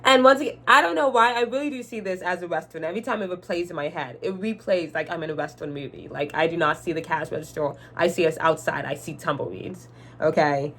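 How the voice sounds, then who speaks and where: A young woman with a soft R sound, telling a storytime rant on her vlog, exasperated and swearing freely. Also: on the low side, fast talker. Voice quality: cannot say R sounds. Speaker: vlogger.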